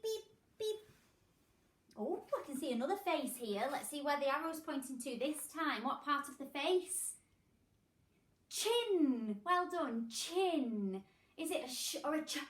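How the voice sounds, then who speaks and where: A woman with an English accent teaching a phonics lesson to young children, prompting slowly and drilling the sounds. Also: high-pitched, animated, a bit bright, far from the mic. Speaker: primary school teacher. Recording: echoey room, voice from off-mic.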